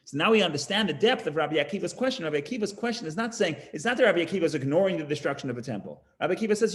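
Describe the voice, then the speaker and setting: A man teaching a text-study class, explaining with animated emphasis, often restarting phrases and trailing off quietly. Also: fairly high pitch, very fast, few pauses. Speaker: Torah teacher.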